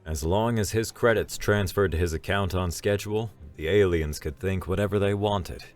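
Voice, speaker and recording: A man with a very deep voice narrates a scripted science fiction story. His delivery is slow and even, keeping a steady storytelling pace. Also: soft background music.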